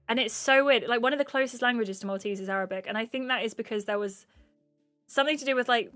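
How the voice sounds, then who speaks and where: A woman's voice: a little high, fairly bright tone, dry recording. An English woman streaming casually, chatting with her viewers in a rambling way and laughing often. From England. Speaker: streamer reading chat. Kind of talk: casual livestream chat.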